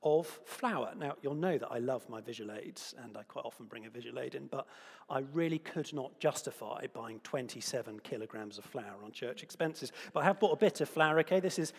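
A man preaching a lively sermon with playful asides and props in a church. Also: mid-range voice, fairly quick, creaky, breathy edge. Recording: long hall reverb.

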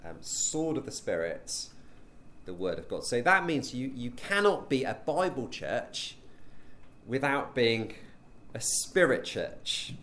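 A man's voice: medium pitch, fairly bright tone. A man leading a teaching session as a preacher, conversational, with frequent ums and rhetorical questions.

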